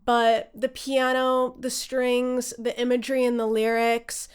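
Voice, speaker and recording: A young woman talks to her audience in a relaxed, chatty way, bubbly and enthusiastic, with casual swearing mixed in. Her voice sits a little high and sounds smooth and clean. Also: unhurried. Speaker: music video creator ranking album songs. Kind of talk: casual talk to camera.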